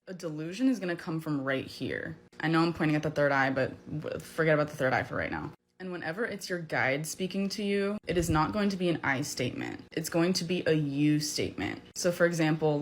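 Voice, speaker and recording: Low voiced woman, blunt, swears a bit, casual explaining. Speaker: spiritual content creator.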